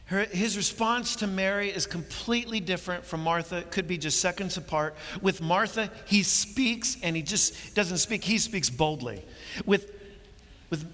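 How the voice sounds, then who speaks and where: A man's voice: high voice, normal speed, sharp tone, long reverb tail. A man preaching a sermon, earnest and building to emphatic points, often repeating words as he goes.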